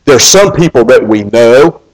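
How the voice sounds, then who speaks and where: A male pastor delivers a Sunday sermon in an earnest, steady way. His voice sits at an ordinary middle pitch. He often stumbles into restarts and repeats a word before going on. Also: a little slow, rough recording.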